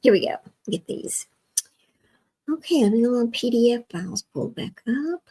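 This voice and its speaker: Husky woman muttering at her screen. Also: fairly high pitch, lively intonation, normal speed, dark tone, rough recording. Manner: mutters to herself, often drops to a near whisper. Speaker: livestream host. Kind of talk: casual livestream talk while working the screen.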